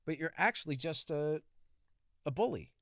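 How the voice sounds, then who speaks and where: A man's voice: a little high, expressive, moderate pace, fairly bright tone, no room sound, pitched above the performer's own voice. A man reading out a bitter male arch-nemesis, in a plain everyday voice. He hurls accusations, and his resentment shows. The sound is dry and close to the mic. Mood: accusing.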